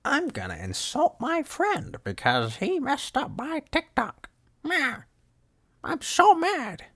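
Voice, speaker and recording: A man doing a squeaky whiny young poser. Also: huge pitch swings, takes it slowly, pushed and bright, dry recording, studio quality, heavily acted. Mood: mocking. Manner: mocking squeaky whine. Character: whiny petulant young male social-media poser.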